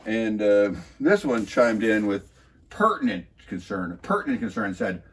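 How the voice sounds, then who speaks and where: A man recapping a city council meeting in a mocking, wry way, pausing often with filler sounds. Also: fairly low pitch, very animated, slightly rough. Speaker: local political commentator.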